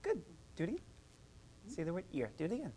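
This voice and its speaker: A music therapist runs a live group workshop, talking people through vocal exercises. The voice swoops up and down expressively, encouraging and chatty, full of quick asides to the room. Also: mid-range voice, wildly swooping pitch, mellow, slight background noise.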